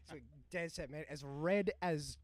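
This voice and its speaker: A young man telling a tour story with swearing, acting out voices and shouting punchlines. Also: a little high, unhurried, no echo. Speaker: touring musician guest. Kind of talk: animated storytelling. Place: live recording in a bar.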